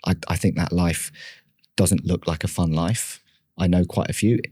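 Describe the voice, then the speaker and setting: A man's voice: low voice, steady tone, moderate pace, dark tone, husky, dry recording, clean studio sound. A man, a podcast guest speaking candidly and with self-deprecating humour as he tells his story, often restarting his sentences. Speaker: podcast guest, marketing leader.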